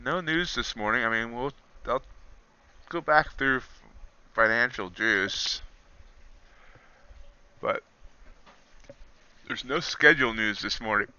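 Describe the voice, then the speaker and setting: A man's voice: medium pitch, takes it slowly, long pauses, sharp tone, clean tone, dull audio. A man commenting on live futures trading, thinking aloud and chatting with viewers on a stream. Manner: reads news aloud in an announcer tone. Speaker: livestream trader.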